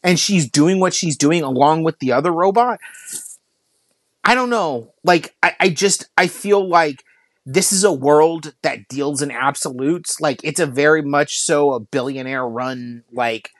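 In an unhurried manner, a man with a fairly high voice co-hosts a laid-back podcast, going off on a rant. He swears frequently and says "like" constantly, and the recording is dry.

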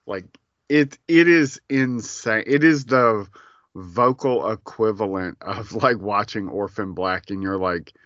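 A man co-hosting a casual pop-culture podcast, speaking slowly and emphatically and swearing now and then. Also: fairly low pitch, a bit bright, no echo. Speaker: podcast co-host. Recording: slightly dull lo-fi sound.

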